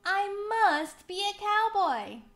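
A woman voicing an eager, excitable young cowboy man in a storybook reading, with a high, exclaiming voice. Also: unhurried, exaggerated voice.

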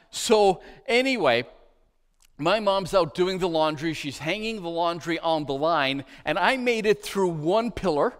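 A middle-aged man preaching a sermon as pastor, telling a childhood story and sinking to a hush at its tender moments. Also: sits high, big-room sound. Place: church.

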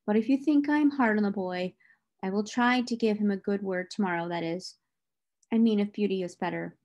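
A woman's voice: medium pitch, a little fast, darkish tone, dull audio, close to an everyday voice. A woman reading as John, an upset stern groom. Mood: sorrowful.

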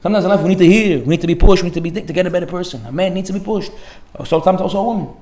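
A man delivers a sermon as a rabbi. His voice sits fairly high for a man. He leans on rhetorical questions and Hebrew phrases as he tells his stories. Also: racing, mellow, reverberant. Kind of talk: Torah class sermon.

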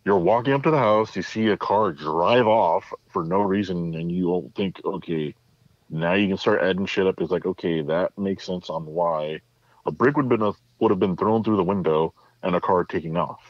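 A man's voice: low-pitched, moderate pace, no echo, muffled recording. A man co-hosting a podcast, chatting casually about a movie and raising questions about the plot. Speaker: podcast co-host.

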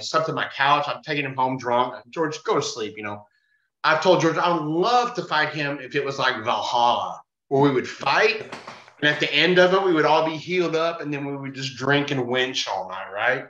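A man's voice: mid-range voice, pushed and bright. A man, a bouncer, telling a bar story in casual talk, swearing freely and acting out the voices of the people in it. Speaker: podcast guest, bar bouncer. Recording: roomy, dull-sounding.

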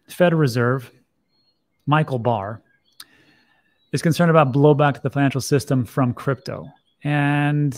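A gravelly, fry-edged man's voice, a bit higher than most men's, talking through crypto news in an offhand, wry way. He's middle-aged and loose, full of restarts and side comments. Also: a little mellow. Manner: chatty, wry asides, restarts. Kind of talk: casual commentary.

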